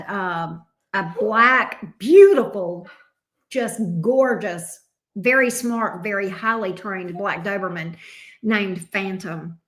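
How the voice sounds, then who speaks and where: A woman's voice: fairly high pitch, a bit bright. A woman hosting a casual livestream. She greets viewers by name and coos affectionately over her dog. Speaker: tarot reader hosting a livestream. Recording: roomy echo.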